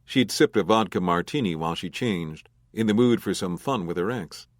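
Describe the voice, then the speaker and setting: A male audiobook narrator reading a crime novel in a measured, even way. His voice sits low, and the recording is close and dry with no room sound. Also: dry recording. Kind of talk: scripted narration.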